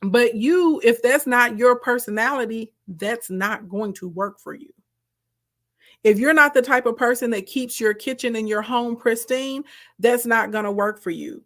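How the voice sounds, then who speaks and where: A woman's voice: a little high, measured pace. A woman hosting a live stream, coaching viewers in a direct, emphatic, chatty way and answering their comments. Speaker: host, content coach.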